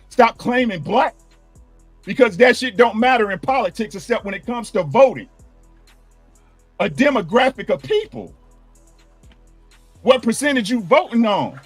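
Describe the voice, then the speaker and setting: High-pitched ranting man on a call. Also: no room sound. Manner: profane, ranting, combative. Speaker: panelist. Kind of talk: heated political debate.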